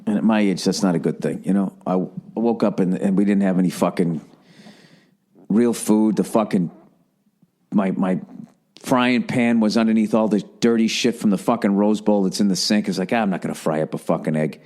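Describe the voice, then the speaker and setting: A man's voice: fairly low pitch, normal speed, mellow. A middle-aged man riffs through a profane, comic rant on his own podcast, working himself up and then laughing at himself. His talk is loose and conversational, full of swearing. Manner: ranting, profane, self-mocking. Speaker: podcast host. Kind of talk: casual comedic monologue.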